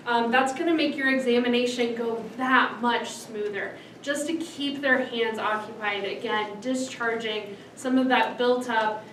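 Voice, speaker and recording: Telling stories to a class in a lecture room, this speaker on autism and families has a fairly high voice and brings other people's voices to life as she goes. The room lends echo and a faint hum, and she sits slightly back from the microphone.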